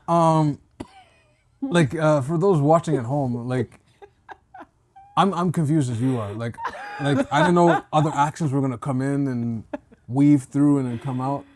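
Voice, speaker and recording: A man on a podcast, wryly cutting in to pause and check on things for the viewers. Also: a little high, darkish tone. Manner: wry, keeps interrupting to check things. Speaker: podcast co-host. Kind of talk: casual podcast commentary.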